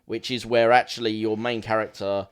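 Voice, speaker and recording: A man's voice: on the low side, level tone, moderate pace, clear, resonant tone. A man co-hosting a film podcast, casually retelling a plot in a rambling way, correcting himself as he goes.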